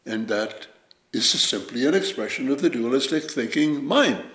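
A man giving a Zen dharma talk as teacher, measured and reflective, telling stories with lively emphasis. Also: mid-range voice. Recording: roomy echo.

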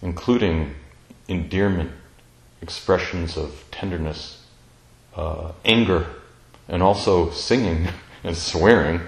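A man telling a personal family story in a slow, tender, reflective way, pausing often. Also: low voice, reverberant, poor audio. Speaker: speaker sharing a personal story.

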